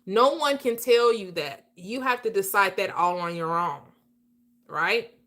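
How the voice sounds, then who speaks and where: This livestream host is a woman with a mid-range, somewhat bright voice who takes her time. She offers casual motivation in an emphatic, sermon-like way, breaking into laughter frequently.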